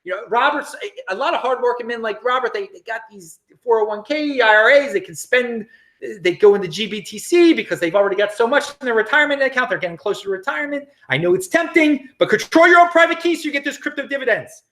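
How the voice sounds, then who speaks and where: A middle-aged American man hosting a casual livestream, reading viewer comments in an animated, chatty way with frequent laughs and restarts. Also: very high voice, fast. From United States. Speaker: crypto livestream host.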